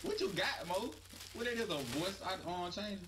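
A man on a game voice chat, loud and suspicious, laughing and accusing a friend. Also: high-pitched, expressive, moderate pace. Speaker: gaming teammate. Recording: distant noisy voice chat.

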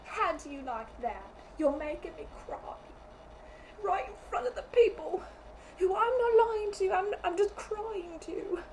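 A woman's voice: fairly high pitch, expressive, slow, pauses often, a little mellow, slight background noise, poor audio. A woman playing an overwrought female TV sales host who repeats herself constantly, in a comic sketch. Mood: tearful. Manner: repetitive, overwrought, melodramatic. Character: pushy female TV sales host with phony accent.

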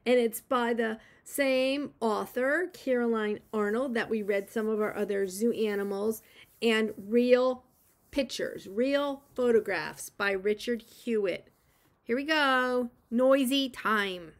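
A woman who teaches preschool, reading a picture book aloud to young children and gently encouraging them to join in. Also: on the high side, slow.

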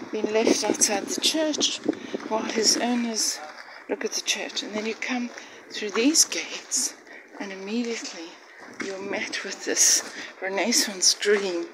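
An older woman vlogging a walking tour, chatty and admiring, often dropping to a hushed voice. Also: medium pitch, takes it slowly. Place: outdoors in a village street. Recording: loud background noise.

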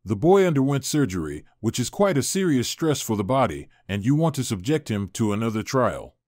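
A man's voice: mid-range voice, sing-song, a little fast, darkish tone, no echo, studio quality. A man voicing a cautious hospital doctor who speaks in a doubtful, careful way.

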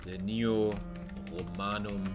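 A man giving casual, excitable gameplay commentary while he plays, swearing often and swinging between loud outbursts and low mutters. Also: slow, music in the background. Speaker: gaming streamer.

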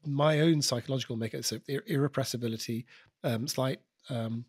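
A British man, a guest comedian and impressionist, chatting on a podcast in an animated, digressive storytelling manner. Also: medium pitch, brisk, husky, no echo, studio quality. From United Kingdom. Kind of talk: podcast conversation.

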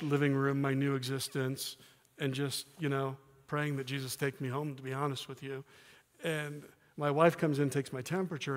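A middle-aged man preaches from a church stage, his voice sitting a little high for a man. He speaks in an earnest, candid way, slipping in soft self-deprecating laughs. The sound carries a long reverb from the church hall around him. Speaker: guest preacher. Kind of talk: sermon with personal testimony.

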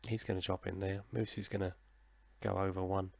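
A man's voice: deep voice, little pitch movement, brisk, vocal fry, slightly rough, dry recording. A man, casually narrating his football management game like a commentator and chatting with himself in a self-deprecating way. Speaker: gaming YouTuber. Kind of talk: casual let's-play commentary.

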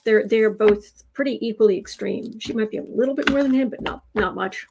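A woman giving a casual livestreamed tarot reading, drawing her words out and dropping into soft, near-whispered asides. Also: on the high side, fairly quick, gravelly, heavy background noise. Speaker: tarot reader.

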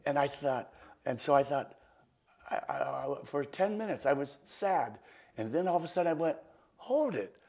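Older man, magician, gravelly voice, lively, repeats himself, counting out cards. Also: mid-range voice, moderate pace. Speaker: magician, interview guest. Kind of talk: storytelling and card demonstration.

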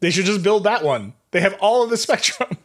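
A man's voice: high-pitched, very animated. A man hosting a podcast, chatting casually and jokingly about a tech story, with lots of "like" fillers. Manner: quick, jokey, filler-heavy. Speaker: podcast host.

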